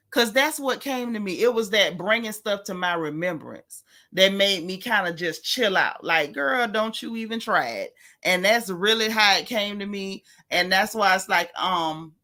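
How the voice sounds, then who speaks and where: Speaking at a medium pitch in a clear, bright voice, a woman hosts a casual livestream chat. She talks frankly and heartfeltly about her faith, pausing between thoughts to greet viewers by name.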